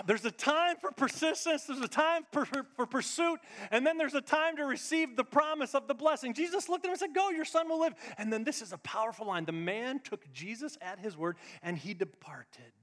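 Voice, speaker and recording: A middle-aged man preaching a sermon as pastor, swinging between loud emphatic lines and hushed, confiding asides. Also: extremely high pitch, moderate pace. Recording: long reverb of a large hall.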